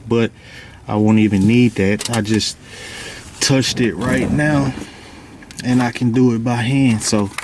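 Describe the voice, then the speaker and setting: A man casually explaining a car oil change step by step, slightly out of breath, recorded outdoors under a car on a windy day. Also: mid-range voice. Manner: relaxed, plain-spoken, instructive. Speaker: DIY car vlogger. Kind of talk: casual how-to narration. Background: wind and outdoor noise.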